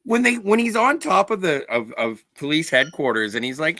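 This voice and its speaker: A man's voice: fairly high pitch, very animated, moderate pace, hardly any pauses, sharp tone. A man co-hosting a podcast who chimes in with quips and jokey mock quotes. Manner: quippy, jumps into mock-quoted voices. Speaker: podcast co-host. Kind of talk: casual film recap chat.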